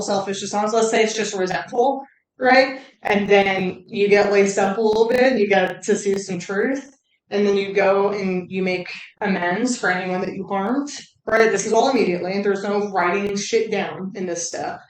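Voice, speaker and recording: Brief: candid woman host, blunt and profane, mid pitch, slightly off-mic in a roomy space. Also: distant mic. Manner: blunt, heavy swearing, animated asides. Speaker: recovery channel host. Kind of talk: casual candid talk.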